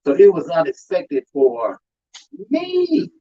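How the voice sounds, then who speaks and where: Male undertaker speaker, emphatic preacher cadence, husky, swinging pitch, dull live audio. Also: slow. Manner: animated, emphatic storytelling, addresses crowd as y'all. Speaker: undertaker giving a talk on grief. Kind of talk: preaching-style talk to an audience.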